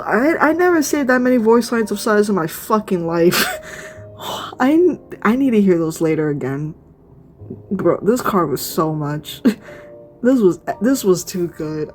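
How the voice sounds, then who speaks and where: A young woman streamer giving an excited, gushing reaction, swearing and stumbling over her words. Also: medium pitch. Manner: gushing, swearing, frequent laughs.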